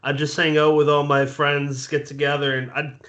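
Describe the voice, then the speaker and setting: A man's voice: a little high, little pitch movement, normal speed, fairly bright tone, lo-fi sound. A man with a Massachusetts accent hosting a podcast, talking casually and swearing freely. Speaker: podcast host.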